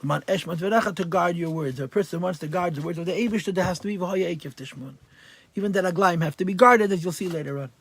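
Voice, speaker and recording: Emphatic rabbi teaching a Torah class. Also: male voice, high-pitched, quick pace, gravelly, breathy edge, no room sound. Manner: translates verse by verse, mixing Hebrew and Yiddish terms into English; emphatic, stresses key words loudly.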